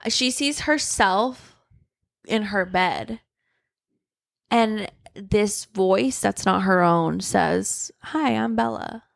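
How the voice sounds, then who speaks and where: A woman's voice: medium pitch, drawn-out words, vocal fry, no room sound, studio quality. A woman co-hosting a book podcast in casual chat, retelling the plot, swearing casually and laughing often. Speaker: podcast co-host.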